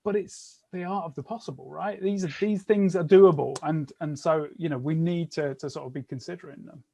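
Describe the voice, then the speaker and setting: Male host, slightly high-pitched voice, reflective, thinks aloud. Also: fairly quick, vocal fry, warm tone. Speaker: podcast host. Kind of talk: conversational interview.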